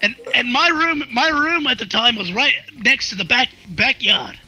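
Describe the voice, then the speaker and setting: A man's voice: very high voice, moderate pace, sharp tone, rough recording. A man guest in a casual online interview, telling stories in a rambling way, repeating his words as he goes. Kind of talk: casual chat. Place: online virtual world session. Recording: faint music underneath.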